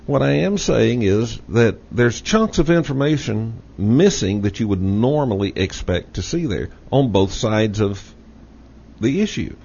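A man's voice: fairly low pitch, lively intonation, a little slow, creaky, a little mellow, slightly rough. A man with a Texas accent hosting a talk radio show, making his points in a folksy, emphatic way and repeating them. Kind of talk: casual talk radio discussion. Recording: dull lo-fi radio audio with faint hiss.

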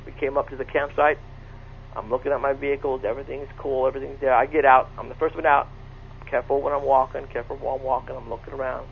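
A man's voice: mid-range voice, little pitch movement, quick pace, vocal fry. A middle-aged man earnestly telling a personal encounter story, often repeating himself and restarting his sentences. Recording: tinny phone line with faint noise.

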